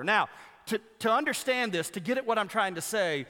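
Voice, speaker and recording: Male preacher, fairly high voice, bright tone, earnest and rhythmic, long hall reverb. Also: animated, moderate pace. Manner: earnest, rhythmic, repeats phrases for emphasis. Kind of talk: sermon.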